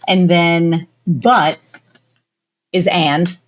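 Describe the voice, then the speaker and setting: A woman hosts a casual podcast chat in a lowish voice. She speaks slowly and takes her time, answering her guest with short, warm affirmations. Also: steady tone, a little hiss or hum. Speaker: podcast host.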